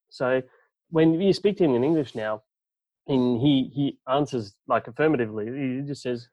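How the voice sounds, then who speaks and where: A man's voice: mid-range voice, normal speed, no room sound, dull audio. A Dutch man with a partly Australian accent, a guest chatting casually and rambling with many fillers. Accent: Dutch speaker with a partly Australian accent. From Netherlands. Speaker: guest, club representative. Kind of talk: casual podcast chat.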